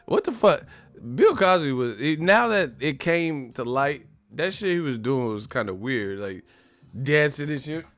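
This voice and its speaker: A man's voice: on the high side, big pitch swings, a little slow, a bit bright, no echo, soft background music. A man hosting a livestream, ranting comedically in a loose, profane way and laughing often. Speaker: livestream host.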